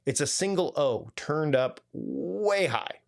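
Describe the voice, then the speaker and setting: A man coaching a live online workshop, talking in a chatty, animated way with lots of restarts and asides over a video call. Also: fairly high pitch, takes it slowly, vocal fry. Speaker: productivity coach leading a live online challenge. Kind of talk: casual live workshop talk.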